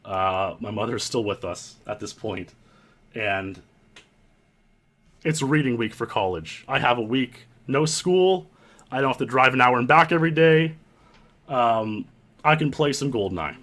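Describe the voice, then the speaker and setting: Young man, earnest storyteller, halting with restarts, medium-pitched voice. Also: animated, a bit bright. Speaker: channel host narrating his own story. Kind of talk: reflective storytelling commentary.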